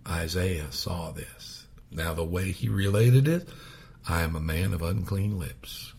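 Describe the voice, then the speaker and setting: A man preaching a sermon, swinging from loud raised passages to hushed whispers. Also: sits low, measured pace, gravelly, breathy edge.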